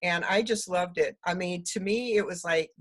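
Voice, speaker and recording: An older woman, an interview guest telling stories in a lively way, often laughing and acting out the voices of people she quotes. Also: on the low side, normal speed. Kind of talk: storytelling conversation.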